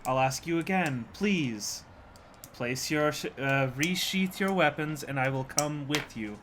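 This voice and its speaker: A man voicing a calm, courteous woman adventurer in a tabletop game, speaking in measured, halting sentences. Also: a little high, a little hiss or hum.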